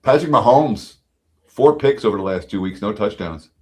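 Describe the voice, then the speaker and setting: A man's voice: lowish voice, expressive, moderate pace. A man hosting a live sports-betting show in casual chat, wry and talkative, often trailing off with fillers.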